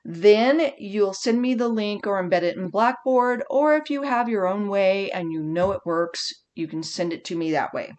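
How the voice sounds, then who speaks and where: A woman speech instructor giving a recorded online lecture, animated and conversational, often correcting herself mid-sentence. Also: mid-range voice, moderate pace, hardly any pauses.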